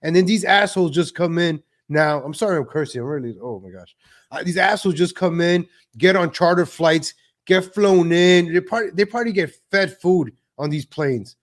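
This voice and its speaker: A man's voice: fairly high pitch, animated, normal speed. A man hosting a livestream political commentary show, ranting and sarcastic with many fillers. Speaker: show host.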